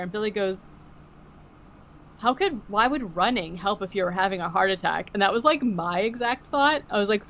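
A woman's voice: mid-range voice, moderate pace, dull audio. Chatty woman recapping with acted-out quotes. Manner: animated storytelling, acting out quotes, many fillers like "like" and "um". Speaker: podcast co-host. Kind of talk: casual chat recapping a TV episode.

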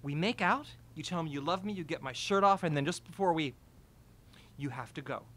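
A woman reading aloud voices a sharp-tongued young college woman, pointed and exasperated. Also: sits low, expressive, fairly quick. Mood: reproachful.

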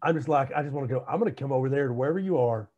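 A man's voice: medium pitch, rapid-fire, darkish tone, breathy edge. Chatty podcast man, dull lo-fi sound. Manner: chatty, rambling storyteller. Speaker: podcast co-host. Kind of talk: casual chat.

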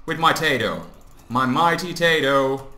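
Excitable man narrating a game, bright voice. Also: on the high side, unhurried. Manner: excitable, exclaims often, talks to game mobs. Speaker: gaming YouTuber. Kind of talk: casual Let's Play commentary. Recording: echoey room, faint background noise.

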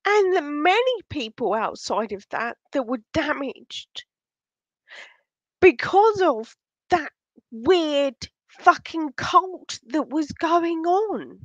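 A woman's voice: sits high, big pitch swings, slow pace, a bit bright, dry recording, dull audio. A woman vlogger ranting casually, agitated and shaken, swearing heavily and stumbling over restarts. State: angry and shaken. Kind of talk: casual unscripted vlog rant.

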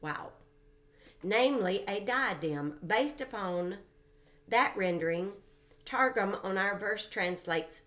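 A woman teaching a verse-by-verse Bible study in an emphatic way, repeating phrases for stress and breaking in with soft exclamations between readings. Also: medium pitch, lively intonation, a little slow.

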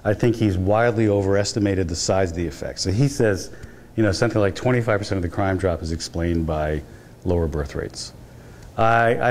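A lowish, somewhat mellow voice belongs to a male professor guest lecturing in a university hall. He tells stories in a conversational manner and regularly restarts what he's saying.

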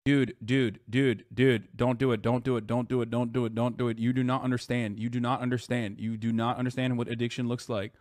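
A man's voice: mid-range voice, flat delivery, a little fast, few pauses, darkish tone, no echo, clean studio sound. A man in his thirties commenting on a video during a live stream, reading chat aloud and ranting with heavy swearing. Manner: reads viewer chat aloud.

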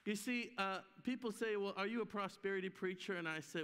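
Animated high-voiced man preaching. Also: brisk, clean tone. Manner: animated, acts out voices in his stories. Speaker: guest preacher. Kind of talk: sermon with storytelling. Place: church hall. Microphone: live stream sound. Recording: long hall reverb.

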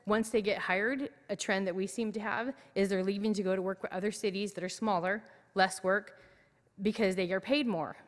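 A woman who works as a police dispatcher, giving an earnest, steady public comment to a council committee at a podium microphone. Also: mid-range voice, normal speed. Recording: echoey council chamber.

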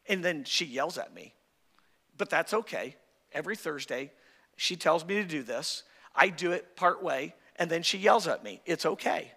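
A man's voice: a little high, animated, a little slow, vocal fry, bright, forceful tone, in a large hall. A male pastor preaching a sermon with great passion, his voice rising and dropping, recorded in a church sanctuary.

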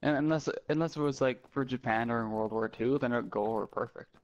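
A man from Canada rambling through his thoughts in a game voice chat, mid-pitched, with a soft hiss on the line. He makes jokes at his own expense. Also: fast, muffled recording. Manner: rambling, self-mocking. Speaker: gamer in a voice chat. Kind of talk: casual gaming banter.

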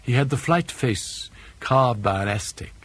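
Husky man narrating a novel. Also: medium pitch, expressive, unhurried, fairly bright tone, rough recording. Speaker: audiobook narrator.

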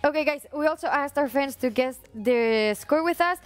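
A bubbly woman reads out quiz answers and fan predictions on a live stream, breaking into giggles. Her voice is high and light, with faint music behind her. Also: normal speed. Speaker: quiz and fan-poll presenter. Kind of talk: casual live stream presenting.

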